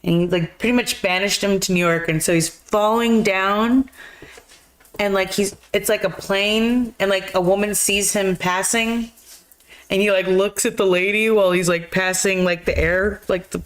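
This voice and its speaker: A woman's voice: medium pitch, steady tone, moderate pace. A woman co-hosting a casual movie chat show, retelling a film in a rambling way, with lots of filler words and laughs. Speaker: podcast co-host.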